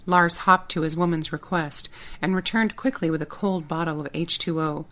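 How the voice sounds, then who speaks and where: A woman narrating her own novel in first person, with steady, plain storytelling. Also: low-pitched, moderate pace. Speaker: audiobook narrator and author.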